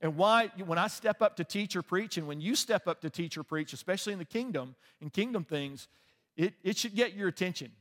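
A man's voice: sits high, expressive, a little fast, fairly bright tone. A man preaching a sermon in an earnest, conversational way, often restarting his sentences. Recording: long reverb of a large hall.

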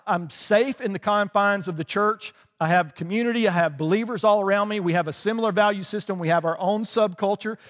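Male pastor, casual sermon delivery, fairly high voice, long hall reverb. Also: a bit bright. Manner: conversational, often checks in with "right?" and laughs lightly.

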